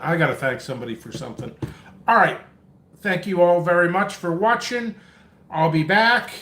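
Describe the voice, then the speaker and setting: Man, vlog host, chatty and scattered, short of breath, pitched a touch high. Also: a bit bright, reverberant, a little hiss or hum. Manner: rambling, coffee-fueled, chatty. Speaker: pepper seed seller and channel host. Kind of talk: casual live-stream chat. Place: indoor home workspace.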